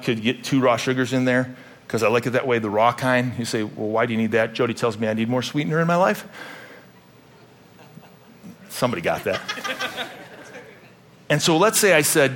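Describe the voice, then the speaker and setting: A man's voice: mid-range voice, a bit bright. A middle-aged man preaching a sermon as pastor, with joking, rambling asides and playful self-deprecation.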